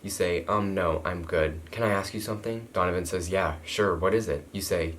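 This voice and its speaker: A man's voice: sits low, a little fast, hardly any pauses, a little hiss or hum. A man reading a fanfiction about himself aloud and acting out its lines, breaking off with amused, mocking remarks. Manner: amused, mocking asides between read passages. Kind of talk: reading aloud and reenacting a story with joking asides.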